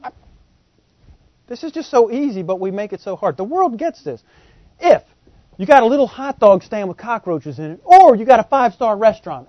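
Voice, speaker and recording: A man preaching a sermon, folksy and animated, often acting out voices in the quotes he tells. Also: sits high, no echo. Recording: dull lo-fi podcast audio.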